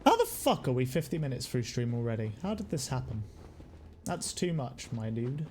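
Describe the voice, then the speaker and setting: A young British man streaming a game, rambling casually, swearing freely, laughing often and shouting at the game now and then. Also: mid-range voice, sing-song, moderate pace, a little hiss or hum. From United Kingdom. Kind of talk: casual live-stream chat while gaming.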